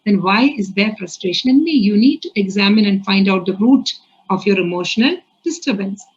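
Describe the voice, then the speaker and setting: A woman's voice: medium pitch, animated, a little fast, muffled recording. A woman with an Indian accent preaching a sermon in an earnest way, asking many rhetorical questions.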